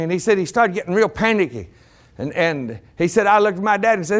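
A man's voice: sits high, big pitch swings, fairly quick. A male preacher telling a story fervently in a revival sermon, repeating himself for weight.

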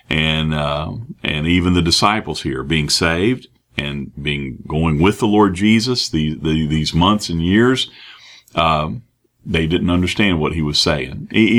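A man preaching a sermon, reading scripture and explaining it with many pauses, fillers and restarts. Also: low-pitched, fairly bright tone. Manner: halting, many fillers and restarts, acts out quoted voices.

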